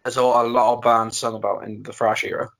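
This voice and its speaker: A man's voice: mid-range voice, little pitch movement, brisk, gravelly, fairly bright tone. A young man, chatting enthusiastically about guitar music and swearing freely. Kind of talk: casual chat about music.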